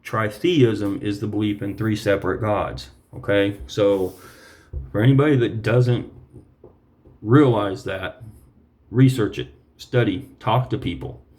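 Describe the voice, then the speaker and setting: A preacher telling his personal testimony in an earnest, reflective way, often pausing to clear his throat. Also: fairly low pitch, fairly even intonation, darkish tone.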